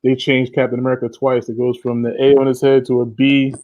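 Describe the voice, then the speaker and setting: A man who is a guest on a podcast, talking casually and explaining at an unhurried pace. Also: medium pitch, flat delivery, dull audio, a little hiss or hum. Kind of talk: casual chat.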